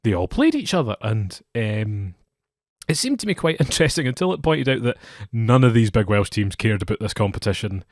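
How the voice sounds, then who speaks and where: Relaxed man, dry mic. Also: on the low side, a little fast, dry recording. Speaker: podcast co-host. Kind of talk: casual chat.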